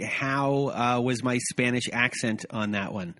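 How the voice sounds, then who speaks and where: A man's voice: medium pitch, unhurried, fairly bright tone. Chatty man hosting a podcast. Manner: chatty, stumbles over words and laughs at himself. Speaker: podcast host. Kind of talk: casual podcast talk.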